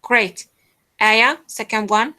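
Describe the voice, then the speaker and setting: A woman teaching a phonetics class online, slowly repeating words to model their pronunciation. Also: fairly high pitch, bright, forceful tone.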